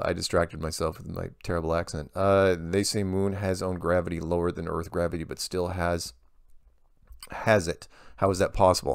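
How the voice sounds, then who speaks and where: A man with a low, creaky voice hosts a casual Q&A monologue, reading viewer emails aloud and answering them. He rambles, interrupts himself and restarts sentences often, and the studio sound is clean with no echo.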